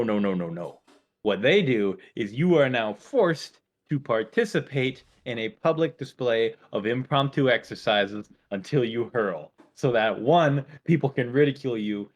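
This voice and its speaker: A young man co-hosting a casual podcast, telling stories in an animated, playful way and slipping into silly voices. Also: mid-range voice. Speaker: podcast co-host. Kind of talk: casual chat.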